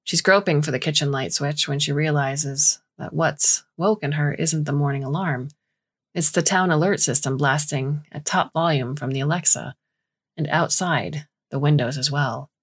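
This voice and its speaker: A woman narrating a short story in a measured, scripted reading. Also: sits low, breathy edge.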